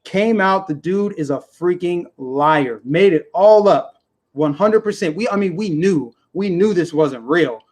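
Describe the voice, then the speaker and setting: An angry man on a livestream, his voice sitting a little higher than most men's. He rants in heated bursts and circles back to the same points. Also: animated, a little slow, darkish tone. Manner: heated, indignant, repetitive. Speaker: livestream vlogger. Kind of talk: angry political livestream rant.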